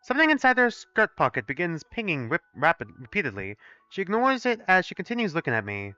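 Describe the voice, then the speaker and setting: Young male streamer, bright and lively, swears a lot, reads and reacts; dry, slightly dull mic. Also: high voice, quick pace, no echo, soft background music. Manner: animated, profane, talks to chat. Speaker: gaming streamer. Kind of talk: live let's play, reading aloud and commenting.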